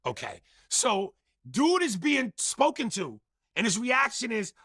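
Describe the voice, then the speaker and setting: A man with a high, gravelly, bright voice argues his point in an animated casual chat, emphatic and profane, slipping into mimicry of other people's speech. His voice is breathy-husky and the sound is dry and close. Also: unhurried, no room sound.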